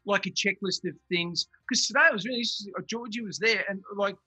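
An Australian man with a high, very bright voice tells chatty stories over a video call. His tone is slightly husky and the sound is dry and close. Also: dry recording, faint music behind, low-quality recording. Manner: chatty, quick anecdotes. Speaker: comedy co-host.

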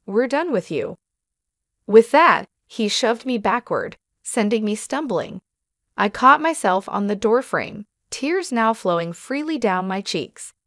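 A woman reading a scripted first-person drama as narrator, in a steady, even way. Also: on the high side, unhurried, dry recording, studio quality.

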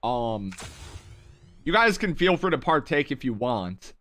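A young man hosting a live gaming stream, excitable and rambling, forever saying "okay" and "bro". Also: mid-range voice, a little slow. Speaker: streamer host. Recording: noisy game stream with gunfire. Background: gunfire from the game.

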